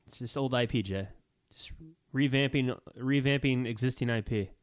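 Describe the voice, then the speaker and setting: A man co-hosting a podcast, wry and quick to laugh in casual chat. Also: medium pitch, dry recording, studio quality. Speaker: podcast co-host.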